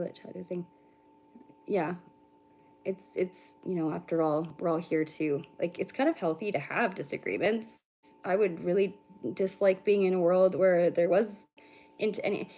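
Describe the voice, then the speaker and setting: A woman's voice: mid-range voice, darkish tone. A young adult woman from Canada hosting a casual livestream, rambling to her viewers, swearing freely and laughing often. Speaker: livestream host and spiritual reader.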